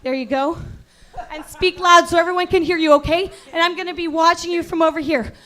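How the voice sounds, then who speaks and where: A woman performs stand-up at a comedy venue, posing as a self-serious acting coach. Her voice sits very high, and her deadpan lectures flip into sudden outraged yelling. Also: brisk. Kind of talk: stand-up comedy set with crowd work.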